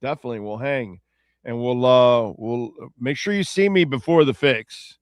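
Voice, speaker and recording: A radio show host talks at a moderate pace in a mid-range voice, recorded in a clean studio with no echo. His casual talk show has him rambling over listener comments, loose and chatty, fixing his own words as he goes.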